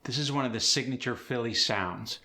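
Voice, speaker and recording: A male accent coach giving a tutorial with a bright, forward voice. He explains each sound clearly and demonstrates it. Steady, instructive delivery at a mid pitch. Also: normal speed.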